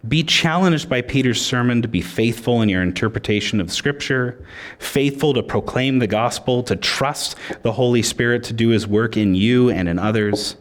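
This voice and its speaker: Male pastor, laid-back joking sermon, mid pitch. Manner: conversational and joking.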